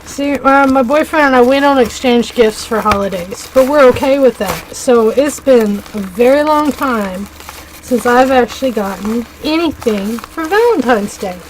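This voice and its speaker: Chatty woman opening her mail, voice a bit high, easily delighted, faint hum of room noise. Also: animated, rough recording. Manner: chatty and effusive, quick to gush. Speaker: craft vlogger. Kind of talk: casual chat while unboxing mail.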